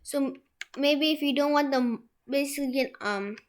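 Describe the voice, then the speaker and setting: Young woman with a high voice walking through a software tutorial at home, kinda rambly, lots of um and restarts. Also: normal speed. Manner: rambling, many restarts and fillers. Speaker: tutorial host. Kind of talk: screen-share software tutorial. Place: room at home with a printer.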